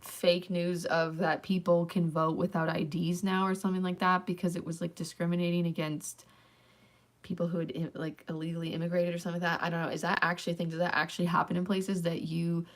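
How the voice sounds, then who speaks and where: A woman's voice: fairly low pitch, level tone, fast talker. A young woman chatting casually on her own channel, rambling with lots of fillers like "um" and "like". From Canada. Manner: rambling, filler-heavy talk with many likes and ums. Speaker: channel host. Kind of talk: casual livestream chat.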